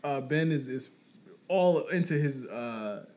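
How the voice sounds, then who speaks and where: A man's voice: mid-range voice, lively intonation, takes it slowly, darkish tone. A man co-hosting a casual movie podcast, easygoing and laughing along. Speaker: podcast co-host.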